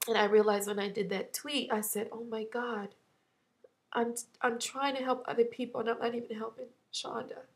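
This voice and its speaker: A woman in her thirties talking through a personal loss in a vlog, halting and heartfelt, close to tears at times. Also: a little high, level tone. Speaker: vlogger.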